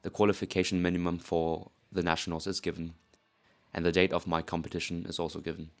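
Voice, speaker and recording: A powerlifter narrating his training vlog in an earnest, measured voice-over. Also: deep voice, little pitch movement, creaky.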